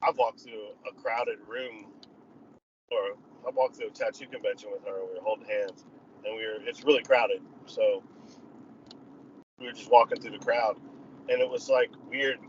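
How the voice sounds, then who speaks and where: A man's voice: fairly low pitch, steady tone, normal speed, pauses often. A man telling a story in casual chat, rambling and often laughing. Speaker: guest. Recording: slightly dull lo-fi sound, faint noise.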